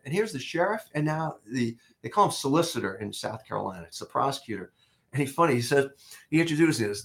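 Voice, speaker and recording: Older male interview guest, animated storyteller who stops and restarts a lot, middle-pitched conversational voice. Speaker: interview guest, former investigator.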